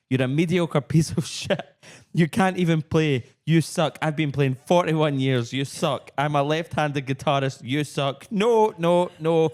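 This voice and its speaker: A man voicing a furious man who hurls sworn insults at a street musician, his pitch raised. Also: lightly acted. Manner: shouting, swearing insults.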